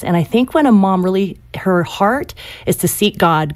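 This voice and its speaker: A woman's voice: medium pitch, animated, moderate pace, a little mellow. A woman, an author and guest on an interview, speaking earnestly and encouragingly. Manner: earnest, encouraging, faith-focused. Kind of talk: conversational interview.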